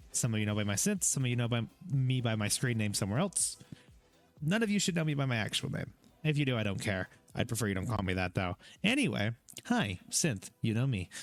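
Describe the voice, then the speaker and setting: A man casually introducing his streaming channel, rambling with fillers and self-deprecating asides. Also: mid-range voice. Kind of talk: casual talking-head explainer.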